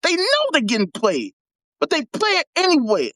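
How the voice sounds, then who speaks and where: A woman with a high voice hosts her own livestream and rants in a blunt, heated way, swearing freely. The sound is dry and close, with no room echo. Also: wildly swooping pitch, moderate pace, fairly bright tone. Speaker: livestream host. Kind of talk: profane casual livestream rant.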